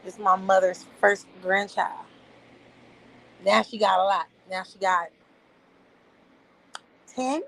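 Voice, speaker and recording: A woman in her thirties telling a story in a casual, animated way. She swears freely and calls the listener "girl". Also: medium pitch, slow, gravelly, long pauses, low-quality recording. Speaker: vlogger.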